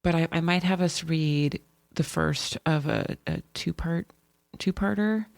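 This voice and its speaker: A woman's voice: low-pitched, measured pace, vocal fry, dry recording. A woman co-hosting a podcast in casual chat, talking in a chatty, rambling way with frequent restarts. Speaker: podcast co-host.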